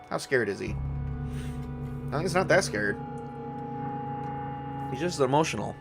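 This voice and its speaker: A man's voice: medium pitch, lively intonation, unhurried, creaky, pauses often. A man narrating a solo tabletop game, thinking aloud as he decides what happens. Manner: musing, thinking aloud with fillers. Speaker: solo game master and player. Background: faint background music.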